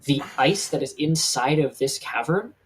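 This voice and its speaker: A man running a live-streamed tabletop game as game master, who describes the scene slowly and at length. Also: a little high, animated, breathy edge, low-quality recording.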